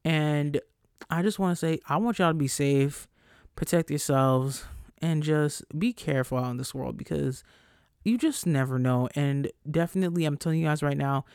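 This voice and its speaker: Profane, animated male podcast host. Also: fairly high pitch, moderate pace, clear, resonant tone, dry recording, clean studio sound. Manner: blunt, profane, animated pep talk. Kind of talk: casual solo podcast talk.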